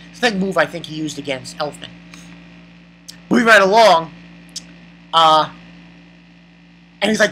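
A manga reviewer giving a casual, excited chapter recap, rambling and exclaiming with laughs. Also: mid-range voice, normal speed, long pauses, a little hiss or hum, low-quality recording.

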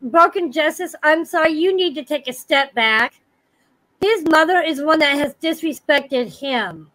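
High-voiced apologetic woman, dry sound. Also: expressive, measured pace, sharp tone, no room sound. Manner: apologetic, consoling. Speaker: livestream guest. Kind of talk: livestream chat.

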